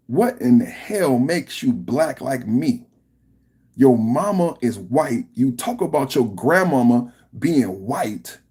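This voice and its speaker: Man, podcast host, husky voice, lively pitch, emphatic slangy rant. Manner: animated, emphatic, slangy, repetitive. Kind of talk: political reaction rant.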